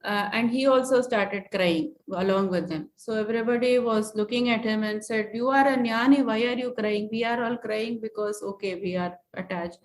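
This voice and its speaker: A woman teaching scripture, chanting Sanskrit verses slowly and then explaining them word by word. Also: fairly high pitch, a little hiss or hum. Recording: echoey room.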